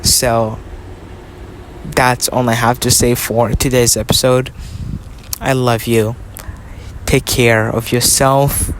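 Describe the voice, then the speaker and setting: A man's voice: mid-range voice, flat delivery, slow pace, pauses often, a little hiss or hum. A young man hosting a podcast episode outdoors, giving earnest self-help advice in a casual, repetitive, affectionate way. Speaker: podcast host. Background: faint outdoor ambience with passing vehicles.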